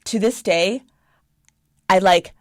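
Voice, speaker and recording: A young woman hosting a podcast, telling a story in casual chat, blunt and animated with lots of "like". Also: medium pitch, slow pace, dry recording, studio quality. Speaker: podcast host.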